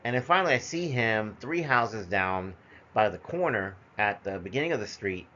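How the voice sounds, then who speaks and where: A man's voice: fairly low pitch, expressive, normal speed, pushed and bright. A middle-aged man telling personal stories in a loose, conversational way, full of fillers, heard as a dull lo-fi recording. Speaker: storyteller. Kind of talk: personal storytelling monologue.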